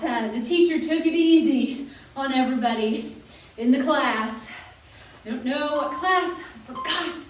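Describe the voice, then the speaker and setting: A young woman works as a fitness instructor leading a senior workout class, exercising along while chatting, joking and encouraging. Her voice is high, with slight background noise, and it comes from far off in a very echoey room.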